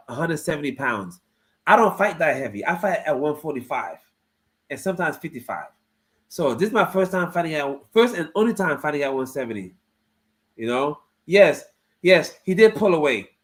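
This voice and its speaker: A man who fights in MMA, talking his livestream chat through footage of his own fight with repetitive, excitable play-by-play. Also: fairly high pitch, rough recording.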